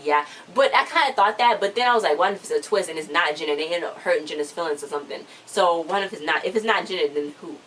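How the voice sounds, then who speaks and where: A woman's voice: lowish voice, fast talker, hardly any pauses, a bit bright. A woman casually recapping a TV episode in a rambling, chatty way, full of "like". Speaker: TV episode reviewer. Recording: distant mic with faint noise.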